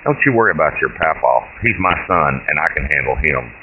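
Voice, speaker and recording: A man's voice: rumbling low, sing-song, fairly quick. A man voicing a frail, foul-mouthed, bossy old great-grandmother in a short story, speaking bluntly and commandingly. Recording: tinny phone-like line with hiss.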